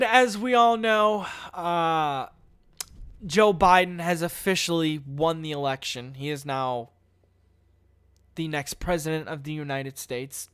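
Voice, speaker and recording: A young man with a high-pitched voice gives casual political commentary. He is blunt and mocking and swears freely, breaking off from the news he reads to jeer at it. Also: a bit bright, smooth.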